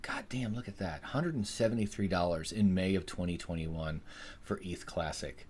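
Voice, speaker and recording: A man's voice: sits low, normal speed, darkish tone, a little hiss or hum. A man hosting a live stream, rambling casually, swearing freely and answering his chat. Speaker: livestream host.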